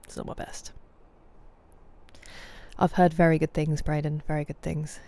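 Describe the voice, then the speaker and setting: A woman's voice: deep voice, level tone, unhurried, vocal fry, dark tone. A British woman streaming a game, chatting casually and greeting her viewers by name. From Britain. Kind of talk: casual chat with viewers while gaming.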